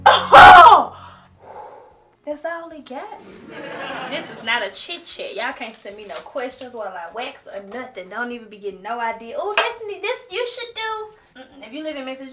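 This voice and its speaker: A woman's voice: a little high, expressive, fairly quick. A woman talking casually in a home vlog, dramatic and laughing, often crying out that she is scared. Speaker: vlogger.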